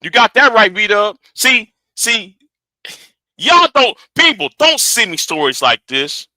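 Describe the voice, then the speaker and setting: A man hosting a livestream, reacting to a clip with animated, argumentative commentary aimed straight at his audience. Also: high voice, takes it slowly, no echo. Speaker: livestream host.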